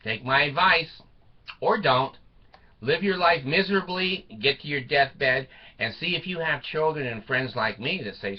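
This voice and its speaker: A man in his sixties speaking a bitter, blunt personal monologue with swearing and long pauses. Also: mid-range voice, lively intonation, highs cut off. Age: 60s. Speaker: vlogger.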